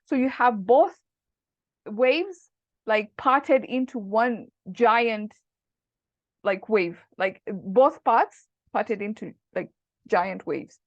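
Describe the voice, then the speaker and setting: A woman's voice: a little high, very slow, dry recording, muffled recording. A woman teaching Arabic grammar in a casual online lesson, explaining patiently and quoting Arabic phrases.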